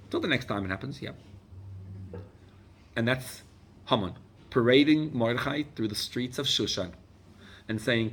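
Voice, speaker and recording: A man, a rabbi, preaching a sermon with animated swings from loud urgent exhortation to hushed intimacy, mixing in Hebrew and Yiddish phrases. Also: medium pitch, slight background noise.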